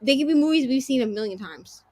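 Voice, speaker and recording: A woman's voice: high-pitched, quick pace. A woman in her thirties chatting casually on a live reading stream. She tells stories with lots of "like" and acts out quoted lines. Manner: animated storyteller, acts out quotes, laughs easily. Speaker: livestream co-host.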